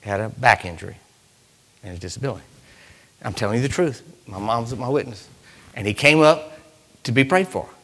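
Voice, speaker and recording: A man preaching a sermon in a church, swinging from loud cries to hushed, near-whispered lines. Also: mid-range voice, animated, a little fast, pauses often, big-room sound. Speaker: pastor.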